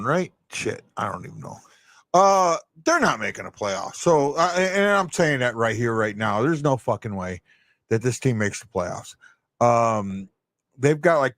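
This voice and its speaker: A man's voice: medium pitch, fairly bright tone, no room sound, clean studio sound. A man hosting a live stream, talking casually and bluntly, rambling with many restarts and the odd swear word. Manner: blunt and opinionated.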